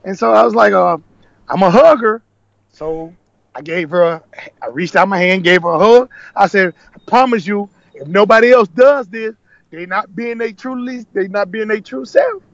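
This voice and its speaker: The former cooking show contestant from Nashville, USA, chats casually as a podcast guest, telling his story with animation and performing the lines he quotes. His high-pitched voice is gravelly at a moderate pace, the sound lo-fi with no echo.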